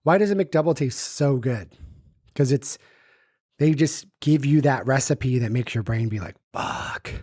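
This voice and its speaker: A man from the United States co-hosting a podcast, rambling through casual chat with plenty of swearing. His voice sits at a middle pitch and sounds dry and close, with no room echo. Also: unhurried, warm tone. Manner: rambling, swears freely, acts out quoted voices. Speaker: podcast co-host.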